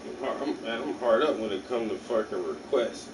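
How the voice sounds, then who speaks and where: A man's voice: medium pitch, brisk. A man hosting a stream, giving rambling mock painting instructions in a casual, profane way. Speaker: stream host. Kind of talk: joking casual chat. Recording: distant mic with hum behind.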